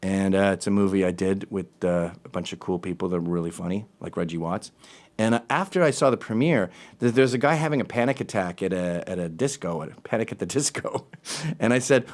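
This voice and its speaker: A man's voice: sits low, fairly quick, a little mellow. A male show host ranting sarcastically in a casual monologue.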